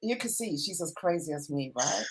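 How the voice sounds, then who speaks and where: A woman with a fairly low voice hosts an online event over a video call. She gushes about her guests and stacks up repeated words for emphasis. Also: animated, moderate pace, a crowd in the background, low-quality recording. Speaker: host. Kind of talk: casual online event hosting.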